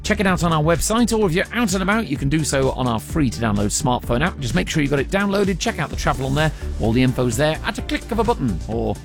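Chatty radio presenter, lively. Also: male voice, fairly high pitch, fast talker, vocal fry, hardly any pauses, faint music behind. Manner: chatty, jokey, with many ums. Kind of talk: casual radio chat and travel news. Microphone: studio microphone.

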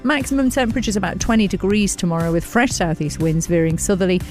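A woman's voice: mid-range voice, fast, soft background music. A female radio co-host who chats easily and laughs often, and who also reads the weather forecast in the studio. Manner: giggly, easygoing. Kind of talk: casual radio chat and weather read. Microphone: studio microphone.

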